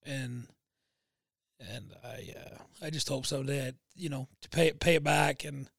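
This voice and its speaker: A man talking as a guest in a casual conversation, earnest and heartfelt, often halting. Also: mid-range voice, steady tone, gravelly, a bit bright, no echo, clean studio sound.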